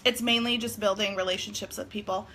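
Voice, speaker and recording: A woman's voice: medium pitch, steady tone, a little fast, bright, forceful tone, a little hiss or hum. A woman chatting casually on a live stream about sales tips, giggly and peppered with "like". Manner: chatty, giggly, says "like" a lot. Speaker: direct sales consultant.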